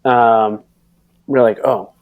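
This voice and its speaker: A man in his thirties telling a racing story on a podcast, rambling and animated with lots of fillers and acted-out quotes. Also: mid-range voice, slow, no room sound, phone-quality sound. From United States. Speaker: podcast guest, pro cyclocross racer. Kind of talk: casual storytelling.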